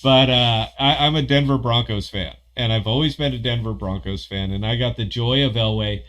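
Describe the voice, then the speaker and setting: A man hosting a casual livestream podcast, rambling, profane and excitable as he talks. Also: mid-range voice, normal speed. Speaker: podcast host.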